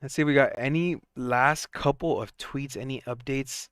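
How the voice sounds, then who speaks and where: A young man hosting a casual live stock market stream, chatty and excitable, often laughing and restarting his sentences. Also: medium pitch, normal speed, smooth, dry recording, studio quality. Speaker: stock market livestream host.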